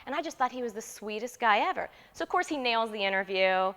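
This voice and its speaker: A woman in her thirties, an interview guest telling a story in a lively, animated way and acting out the quotes. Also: fairly high pitch, quick pace, in a large hall. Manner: lively, laughing, acts out quotes.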